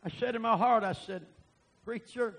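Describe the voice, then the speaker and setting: A man preaching a sermon and telling a testimony, animated and bursting into loud emphasis. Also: sits high, moderate pace, breathy edge, rough recording.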